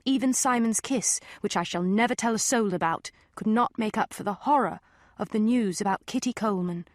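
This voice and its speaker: A woman's voice: medium pitch, a little fast, dry recording. A woman reads an audiobook in the first person. Her delivery is prim and well-spoken, and the recording is dry and close. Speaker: audiobook narrator.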